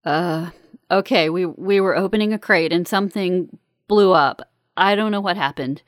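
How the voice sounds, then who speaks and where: A woman's voice: medium pitch, moderate pace, no echo, clean studio sound, natural voice. A woman voicing an injured, dazed man trapped in smoke, who speaks weakly and falters between coughs. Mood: shaken.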